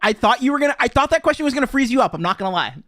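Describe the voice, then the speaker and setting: A man's voice: very high-pitched, lively intonation, racing, sharp tone, dry recording, clean studio sound. A man co-hosting a casual podcast about a video game, joking and laughing often as he talks. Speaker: podcast co-host.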